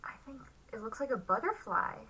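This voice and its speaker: A woman chatting casually as co-host, teasing her partner and laughing often. Her voice is bright and bouncy, swinging widely up and down in pitch. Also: sing-song, a little fast, recorded from a distance, slight background noise, poor audio. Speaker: podcast co-host. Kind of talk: casual chat.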